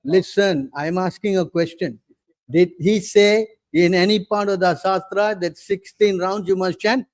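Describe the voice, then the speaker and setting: Insistent high-voiced male preacher. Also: steady tone, measured pace, dry recording. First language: English. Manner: insistent, repeatedly demanding attention; rhetorical questions to listeners. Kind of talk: scripture class lecture.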